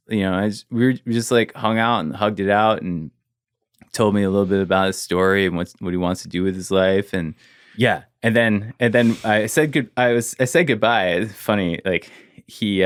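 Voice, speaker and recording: A man's voice: fairly low pitch, moderate pace, smooth, no echo, studio quality. A man, a guest in an interview, telling a personal story casually and leaning on "like" as he goes. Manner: casual, fills with "like", trails off quietly.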